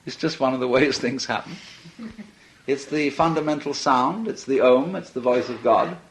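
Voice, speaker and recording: A man's voice: medium pitch, moderate pace, a little hiss or hum. A man giving a reflective philosophy talk, musing and playful, often laughing as he speaks. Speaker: philosophy lecturer. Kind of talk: reflective archival lecture.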